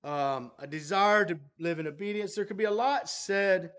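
A man preaching a sermon to a congregation in a measured, halting way, pausing and restarting his phrases. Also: high-pitched, a bit bright.

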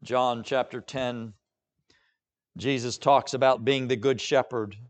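A male pastor preaching a sermon dramatically, moving between hushed and emphatic delivery. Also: mid-range voice, steady tone, takes it slowly.

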